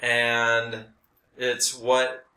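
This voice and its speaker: A man's voice: mid-range voice, monotone, drawn-out words, sharp tone, roomy sound. A man in his forties, co-hosting a podcast, rambling through a casual story with lots of filler words. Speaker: podcast co-host. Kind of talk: casual chat.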